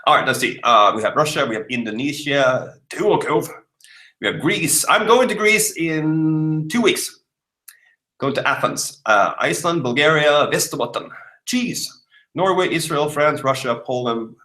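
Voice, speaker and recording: A man's voice: a little high, expressive, moderate pace, pushed and bright, echoey room, rough recording. A man in his thirties from Malmö with a southern Swedish accent, chatting casually on a livestream and reading out viewer comments, with lots of uhs and laughs. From Sweden. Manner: chatty, laughing, thinks aloud with many uhs. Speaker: livestream host.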